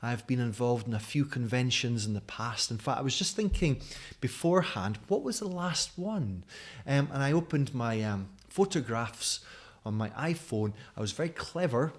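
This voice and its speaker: Mild Scottish man in his forties, teacher trainer talking to camera, friendly and chatty, middle pitch. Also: lively intonation, normal speed. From Scotland. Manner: friendly and chatty, with many fillers. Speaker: teacher trainer giving a conference talk. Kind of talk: recorded video talk to camera. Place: home at night. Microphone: camera in front of him.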